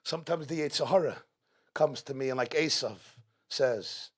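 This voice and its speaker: A man's voice: mid-range voice, normal speed, husky. A man giving an inspirational talk at a community gathering, rhetorical and repeating his questions for emphasis. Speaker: speaker at a religious gathering. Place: community event hall.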